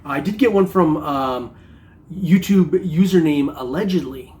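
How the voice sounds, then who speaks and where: Laid-back middle-aged man, slightly high voice. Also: measured pace, darkish tone. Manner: laid-back, joking, rambling with many fillers. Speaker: metal detecting vlogger. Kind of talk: casual chat to camera.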